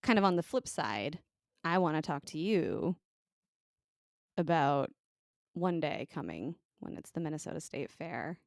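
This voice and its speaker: An American woman with an Upper Midwest accent, co-hosting a casual podcast chat with quick asides and frequent giggles. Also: low voice, very animated, creaky, no room sound, clean studio sound. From United States. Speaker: podcast co-host.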